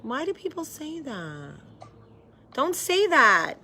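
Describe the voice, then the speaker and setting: A woman's voice: high voice, big pitch swings, slow, bright, forceful tone. A woman from the hosting a casual live video chat with viewers, effusive and chatty. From American South. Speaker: host.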